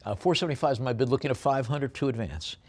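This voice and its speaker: A man's voice: mid-range voice, fast talker. Man, auctioneer, live auction calling, hesitant fillers, joking asides. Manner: chatty, with joking asides between lots; hesitant, many fillers while describing items.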